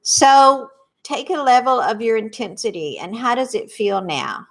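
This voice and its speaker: A middle-aged woman with a Southern accent leading a guided tapping workshop, speaking slowly and soothingly and having listeners repeat phrases after her. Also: on the high side, animated, a bit bright.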